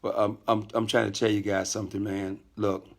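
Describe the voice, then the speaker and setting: A middle-aged man hosting a casual live stream from a hotel room, talking calmly, greeting viewers by name and often repeating himself. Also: on the low side, brisk, gravelly. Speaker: network marketing leader hosting a live stream.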